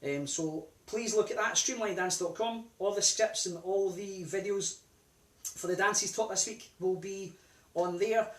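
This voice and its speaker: A man's voice: high voice, measured pace. Man calling line dance steps. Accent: British. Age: 40s. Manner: calls steps in a loud, raised, sing-song voice; chatty and relaxed between dances. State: out of breath. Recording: distant mic in an echoey room. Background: music playing.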